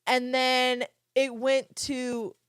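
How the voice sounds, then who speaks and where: A woman's voice: sits high, little pitch movement, extremely slow, fairly bright tone, clear, resonant tone, no echo, studio quality. A young woman hosting a podcast, telling a story in casual chat, drawling and stretching her words so they sound a bit slurred, swearing freely and talking to listeners. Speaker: podcast host.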